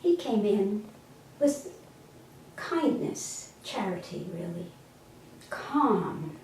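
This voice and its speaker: A woman telling a parable slowly and gently and then reflecting on its spiritual meaning, with a few small stumbles, recorded from a distance in an echoey room. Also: medium pitch, sing-song, vocal fry, a little hiss or hum. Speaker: storyteller and teacher. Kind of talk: slow storytelling and spiritual teaching. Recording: echoey room, mic far off.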